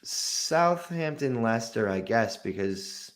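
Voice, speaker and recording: A man's voice: medium pitch, animated, slow. A man co-hosting a football podcast, swearing and making wry, exasperated asides. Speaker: podcast co-host. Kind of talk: casual sports podcast chat.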